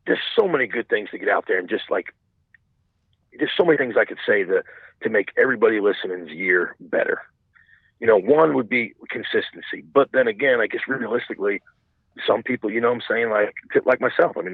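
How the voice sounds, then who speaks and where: Rambling guest, a man on a tinny phone-like line, gravelly, husky. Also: lowish voice, no room sound. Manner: rambling, many restarts and "you know what I'm saying". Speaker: podcast guest, hunter. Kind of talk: casual chat.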